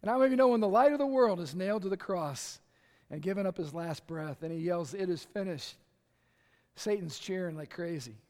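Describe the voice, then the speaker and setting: A male pastor preaching an impassioned sermon that builds to shouts, recorded in a church sanctuary. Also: high voice, animated, fast. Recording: echoey hall.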